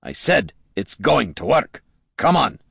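A man voicing a gruff, stubbornly hopeful veteran dwarf warrior who talks in eager shouts. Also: mid-range voice, slow, no room sound, clean studio sound, exaggerated voice. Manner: shouting, excited, burly.

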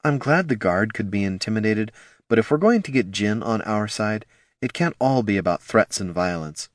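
A measured, wry elf ranger woman, as a man reads her, softer and quieter than the other figures, with a low, lively voice in a storybook reading. Close and dry. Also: no echo, close to an everyday voice. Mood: calm.

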